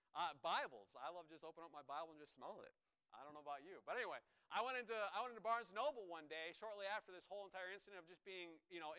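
High bright voiced guy from new york preaching, clear and lively, acts out the quotes. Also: poor audio. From New York, USA. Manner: animated, acts out quotes with rising pitch and volume. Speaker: visiting preacher. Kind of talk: sermon.

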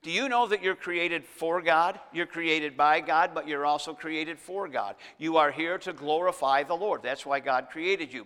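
A man preaching a sermon as pastor, emphatic, slowing down to stress scripture verses. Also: fairly high pitch, a bit bright. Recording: long hall reverb.

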